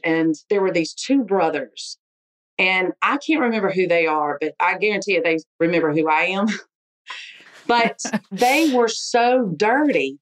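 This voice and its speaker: A woman, telling a frank, animated story about her sports life in an interview. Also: medium pitch, rough recording. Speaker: interviewee, football official.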